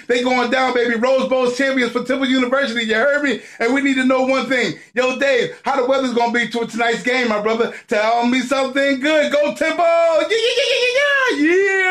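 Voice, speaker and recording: A man shouting hyped fan chants and skits, loud and excitable. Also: very high voice, roomy sound. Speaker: sports fan personality.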